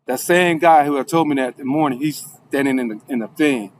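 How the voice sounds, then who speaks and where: A man recounts his own story in a loose, rambling way, restarting his sentences often. His voice sits at an ordinary middle pitch. A faint hiss runs underneath. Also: fairly quick. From Alabama, USA. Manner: rambling, with restarts, acting out quoted people in a raised voice. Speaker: former defendant telling his story. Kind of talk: casual spoken storytelling.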